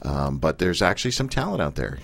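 A man's voice: extremely low pitch, sing-song, a little fast, gravelly, heavy background noise. A man from Canada hosting a casual radio talk show, teasing and joking with his guest and rambling between thoughts.

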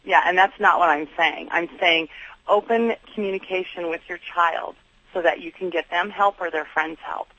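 A woman's voice: lowish voice, normal speed, fairly bright tone, no echo. A middle-aged woman, a guest, telling her story earnestly and acting out her own inner dialogue. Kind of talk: candid interview storytelling. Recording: dull lo-fi sound.

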